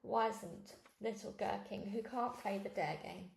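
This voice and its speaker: Gravelly-voiced woman reading a storybook. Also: medium pitch, measured pace, echoey room, a little hiss or hum. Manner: lively first-person storytelling. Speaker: reader. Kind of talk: storybook read-along narration.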